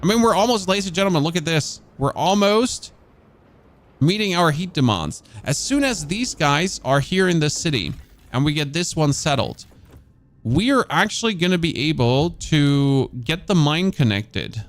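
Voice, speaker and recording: A man's voice: on the high side, very animated, normal speed. A man from Germany with a German accent, commentating casually on a game he is streaming, thinking aloud and talking to his chat.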